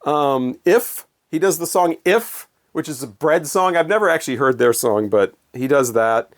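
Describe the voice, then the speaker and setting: A man's voice: fairly high pitch, animated, moderate pace. A man chatting casually about records in his collection, with wry, sarcastic, rambling commentary. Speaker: vinyl record collector vlogger. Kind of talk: casual chat.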